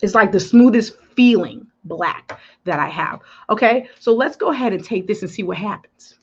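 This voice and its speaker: A woman's voice: mid-range voice, normal speed, slight background noise. A woman hosting a live makeup tutorial, chatting emphatically with her viewers and answering their comments. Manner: animated, emphatic. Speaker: beauty influencer. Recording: dull lo-fi livestream audio.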